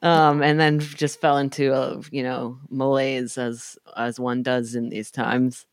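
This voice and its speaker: Slow, wry woman podcast co-host. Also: rumbling low, level tone, dry recording, studio quality. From New York City. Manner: laughs often, wry and offhand. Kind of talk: casual chat.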